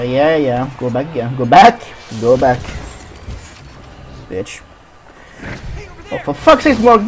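A man's voice: a little high, slight background noise. A man giving profane commentary over his own gameplay, trash-talking opponents. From Sweden. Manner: swears a lot, trash-talks opponents. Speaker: gaming commentator.

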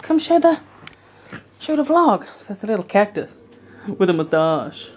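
A woman's voice: medium pitch, sing-song, unhurried, darkish tone. A young woman vlogging at home, gushing in baby talk at her pet dog with gasps and giggles, filmed on a handheld camera. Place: at home indoors. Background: dog sounds.

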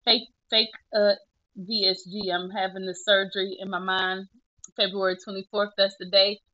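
Chatty woman, bright lo-fi voice. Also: mid-range voice, level tone, moderate pace. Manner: chatty, self-mocking, laughing through tears. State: tearful at times. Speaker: vlogger. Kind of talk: casual selfie vlog.

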